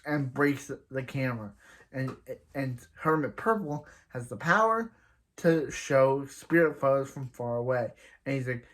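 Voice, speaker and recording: A man casually recapping an anime episode, rambling, restarting sentences, and often trailing off quietly. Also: medium pitch, measured pace. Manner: rambling, with frequent restarts and "he's like" retellings.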